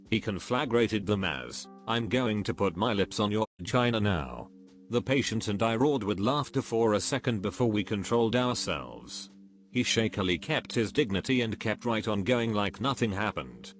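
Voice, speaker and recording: A man narrating a series of reader-submitted stories in a steady, even, scripted reading. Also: lowish voice. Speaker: narrator reading online posts. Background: faint background music.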